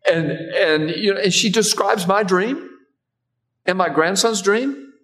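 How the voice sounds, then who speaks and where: A man's voice: high-pitched, takes it slowly, rough recording. Older man telling a sermon story. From Florida. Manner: animated, repetitive "and I said" narration. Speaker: pastor.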